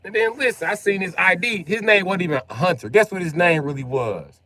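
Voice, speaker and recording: A man's voice: sits high, brisk, bright, forceful tone. A young man streaming a game, rambling and joking with plenty of profanity. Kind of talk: casual gaming livestream chat.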